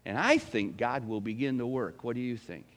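A man's voice: medium pitch, lively intonation, normal speed. A middle-aged man preaching a sermon in a conversational, folksy way, asking the congregation questions. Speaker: pastor.

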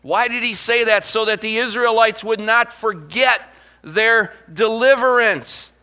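A middle-aged man preaching a sermon as pastor, telling folksy stories and slowing down to quote scripture. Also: sits high, bright, forceful tone.

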